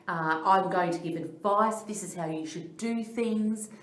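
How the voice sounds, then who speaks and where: A woman's voice: mid-range voice, unhurried. A middle-aged Australian woman, a life coach, explaining ideas earnestly in a training talk and telling personal stories. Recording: echoey room.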